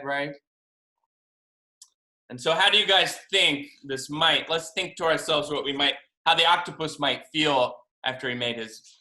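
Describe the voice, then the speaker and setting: A man, a children's author, reading his picture book aloud to first graders over a video call, expressive and asking them questions. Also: mid-range voice. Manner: animated, expressive, asks kids questions. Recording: roomy video call audio.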